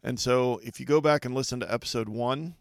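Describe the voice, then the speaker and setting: A middle-aged man hosting a podcast, speaking in an earnest, reflective monologue with deliberate pauses. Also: mid-range voice, vocal fry, clear, resonant tone, dry recording, studio quality. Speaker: podcast host.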